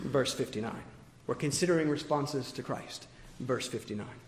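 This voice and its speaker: A man preaching an expository sermon with emphatic points that swing from forceful to quiet. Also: medium pitch, normal speed, slight background noise. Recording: echoey hall with long reverb.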